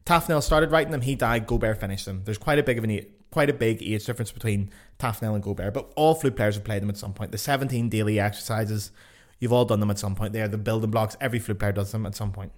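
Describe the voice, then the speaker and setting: A young man with a Northern Irish accent, hosting his own podcast in casual, excitable talk that swears freely and jumps about in pitch. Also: quick pace. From Northern Ireland. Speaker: podcast host, flutist. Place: home in Cologne.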